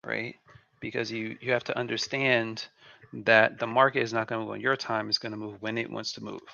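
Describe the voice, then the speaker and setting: A man's voice: on the low side, flat delivery, fairly quick, vocal fry, sharp tone, no room sound. A man hosting a live trading stream, giving laid-back market commentary and repeating phrases to himself on a dull, lo-fi recording.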